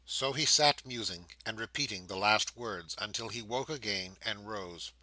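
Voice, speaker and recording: A man narrating a classic novel audiobook in a measured, expressive reading. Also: lowish voice, no echo, rough recording. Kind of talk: scripted narration.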